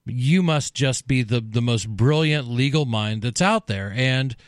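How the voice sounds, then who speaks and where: A man's voice: medium pitch, lively intonation, a little slow, dry recording, clean studio sound. Opinionated male talk radio host. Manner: opinionated, emphatic.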